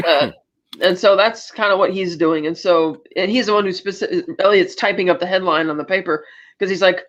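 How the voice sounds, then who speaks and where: This man's high-pitched, fairly bright voice comes through dull audio as he co-hosts a podcast. Retelling movie scenes casually, he acts out the quotes in quick asides.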